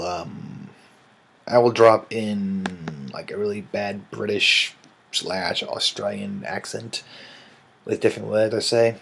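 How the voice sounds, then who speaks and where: A man's voice: fairly low pitch, gravelly, slight background noise. A man, casually answering viewer questions in a rambling, dryly joking vlog. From American Midwest. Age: 30s. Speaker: vlogger.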